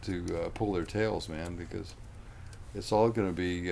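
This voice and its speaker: Man, very low, gravelly, folksy, rambling, casual chat, faint room noise. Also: a little slow, a little mellow. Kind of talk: casual conversation.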